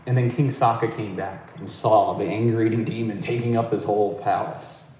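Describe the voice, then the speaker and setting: A man giving a reflective meditation talk in a gentle, conversational way, telling a story as he goes. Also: on the low side, fairly even intonation, moderate pace, a little hiss or hum. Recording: roomy hall, distant mic.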